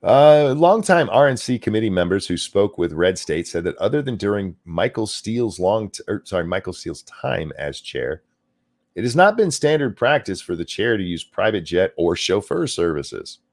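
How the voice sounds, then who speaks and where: A man's voice: fairly low pitch, sing-song, moderate pace, a little mellow. A man co-hosting a casual political talk stream, reading out news items with sarcasm.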